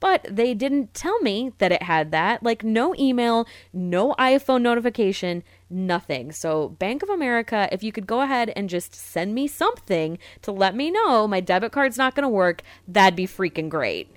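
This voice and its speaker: A woman's voice: mid-range voice, very animated, normal speed, few pauses, no room sound. Woman, 30s, casual podcast co-host; chatty, self-deprecating, dry close mic. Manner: chatty storyteller, self-mocking.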